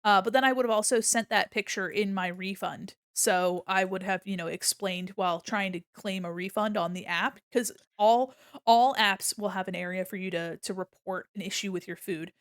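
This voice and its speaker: A woman with a clear, resonant, medium-pitched voice talks to her viewers at a moderate pace with few pauses. She's a profane, animated storyteller who acts out quotes, and the recording is dry, clean studio sound.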